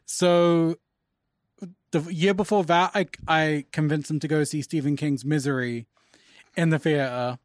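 A man in his forties hosting a podcast, telling lively anecdotes with casual swearing. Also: fairly high pitch, a little slow, no room sound, clean studio sound. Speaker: podcast host. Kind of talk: casual chat, storytelling.

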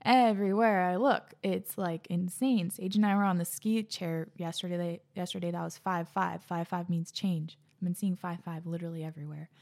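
A young woman hosting a podcast, out of breath, chatting in a bubbly, slangy way that often drops into soft near-whispers, and reading out listener letters. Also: on the low side, steady tone, normal speed, few pauses. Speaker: podcast host.

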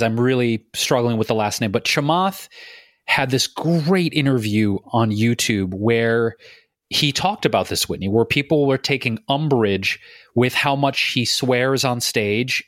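A man's voice: medium pitch, unhurried, fairly bright tone, no echo, studio quality. A man co-hosting a podcast, talking animatedly and bluntly, swearing freely. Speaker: podcast co-host. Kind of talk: casual podcast chat.

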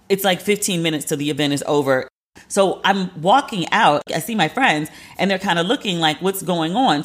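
A woman's voice: fairly low pitch, fairly bright tone. A woman host telling a personal story in a casual monologue, candid and profane, acting out quoted lines of herself and others.

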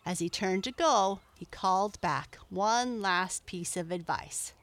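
Female storybook narrator; gentle, unhurried, measured. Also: mid-range voice, dry recording.

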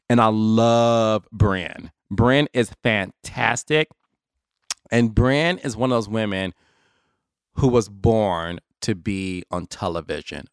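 A man hosts his own podcast, talking casually and animatedly straight to his listeners, whom he calls "y'all," in chatty solo commentary. His voice is fairly low and smooth, with clean studio sound and no room sound.

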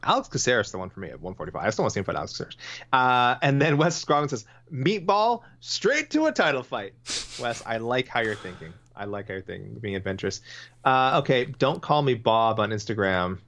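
A man's voice: on the low side, animated, quick pace, fairly bright tone. Chatty man reading listener picks. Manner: chatty, rambling, reads out listener comments. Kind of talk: casual chat.

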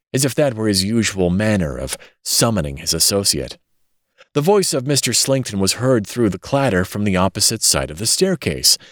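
A man narrating a classic short story as an audiobook reader, in an expressive, dramatic way. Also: low-pitched, no echo, clean studio sound. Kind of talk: scripted narration.

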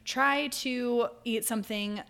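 A woman's voice: fairly high pitch, steady tone, takes it slowly, vocal fry, a bit bright. Chatty young woman giving travel tips. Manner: chatty, loose, with fillers and self-corrections. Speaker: podcast host. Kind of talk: casual advice talk.

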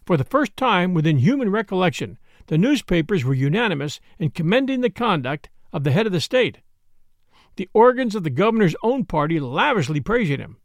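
A man reading a classic story aloud as an audiobook, in a measured way. His voice is high and gravelly and moves widely in pitch. The recording is close and dry. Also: dry recording. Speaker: narrator.

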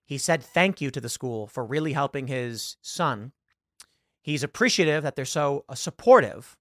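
Animated man telling stories on a podcast. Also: fairly high pitch, no echo, clean studio sound. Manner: animated storytelling, acts out quoted voices. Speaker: podcast host. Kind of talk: opinionated commentary monologue.

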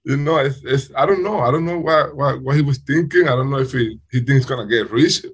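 Husky man in halting second-language English. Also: medium pitch. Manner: halting non-native English with frequent restarts. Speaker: baseball player guest. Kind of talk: casual interview talk.

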